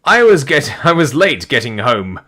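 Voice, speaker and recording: A man's voice: mid-range voice, sing-song, normal speed, sharp tone, pitched above the performer's own voice. A man reading the lines of an eager, self-important young comic hero during a live reading. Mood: boastful.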